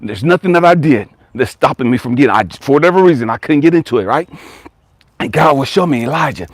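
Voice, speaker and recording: A man coaching through a motivational spiritual talk hammers home his exhortations by repeating them. He tells stories in slangy, conversational language and swears casually. His voice is medium-pitched, recorded without echo.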